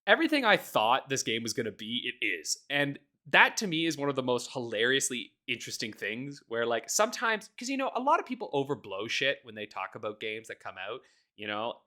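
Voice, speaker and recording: Bright, lively-voiced podcast co-host ranting. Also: mid-range voice, fairly quick. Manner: animated, profane ranting with frequent laughs. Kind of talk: casual chat.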